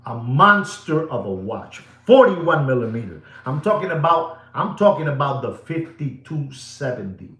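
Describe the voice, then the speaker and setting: A middle-aged man pitching watches on a live show, repeating himself like a showman and dropping from booming bursts to near-whispers. Spanish words pop up in his English. His voice sits at an ordinary pitch in a roomy, echoing space. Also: very animated, normal speed, hardly any pauses. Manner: showman-like, repetitive, swings between booming and hushed. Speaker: watch dealer hosting a live sales show. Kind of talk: live sales pitch to viewers. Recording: roomy echo.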